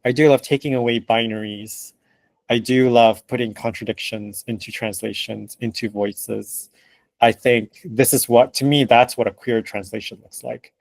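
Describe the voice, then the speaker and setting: A man of middle pitch answers interview questions as a translator. He talks with lively emphasis, laughs easily and acts out the remarks of others. The sound is dry and close, with no room echo. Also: moderate pace, creaky. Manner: animated and emphatic, laughing, acting out quoted remarks. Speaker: translator, guest.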